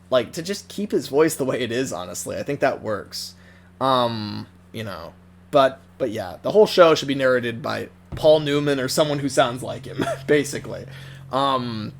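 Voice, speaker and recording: A man's voice: medium pitch, expressive, a little slow, slight background noise. Rambling man giving casual commentary. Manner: rambling, many restarts, nervous laughs. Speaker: cartoon fan commentator.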